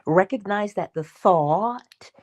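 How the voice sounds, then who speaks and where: Heard through lo-fi sound, a woman with a darkish mid-range voice speaks slowly while hosting a morning livestream teaching talk. She is emphatic and conversational, asking listeners questions and acting out brief exchanges with herself.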